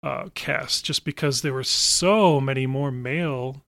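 A man's voice: medium pitch, unhurried, gravelly, a bit bright, no room sound. A man who writes and makes an audio drama, talking casually and enthusiastically in a podcast interview. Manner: chatty, enthusiastic, with frequent ums and laughs.

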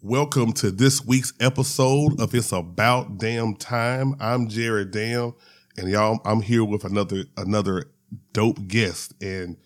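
A man's voice: medium pitch, lively intonation, takes it slowly. A man hosting his own podcast, talking casually and rambling with lots of fillers after a weekend of drinking wine. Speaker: podcast host.

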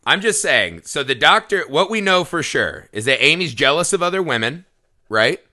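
A man's voice: fairly high pitch, sing-song, moderate pace, pushed and bright. A man co-hosting a podcast, chatting casually about a movie, joking and swearing and laughing often. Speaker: podcast co-host.

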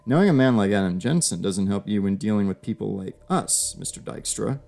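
A man voicing a smug, professional government agent who speaks calmly and persuasively, in an audio story. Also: fairly low pitch, gravelly. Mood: firm. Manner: calm, smug, measured persuasion.

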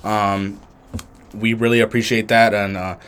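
A man's voice: on the low side, little pitch movement, unhurried, a bit bright, smooth. A young man co-hosting a casual podcast, talking loosely with lots of swearing and bragging. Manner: loose, profane and boastful. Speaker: podcast co-host. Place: Southern California.

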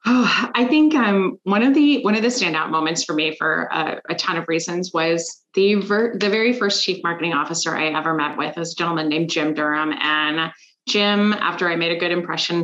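A woman guest on a podcast, telling animated, emphatic stories about sales with exasperated asides. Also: fairly low pitch, brisk, highs cut off. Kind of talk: casual interview chat.

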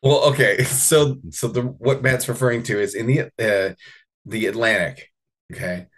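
A man's voice: mid-range voice, fairly even intonation, normal speed. Wry man reading an article aloud. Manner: wry, laughing, reads quotes aloud. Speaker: podcast co-host. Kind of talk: casual podcast chat, reading an article aloud.

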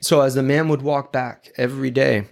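A man's voice: medium pitch, steady tone, normal speed, gravelly. A man giving an earnest, confessional, sermon-style talk, reflective and personal. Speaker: speaker giving a devotional talk.

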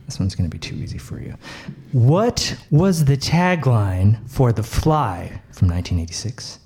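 A man's voice: medium pitch, big pitch swings, measured pace, warm tone. A man hosting a comedy game show, announcing in a rambling, stumbling way.

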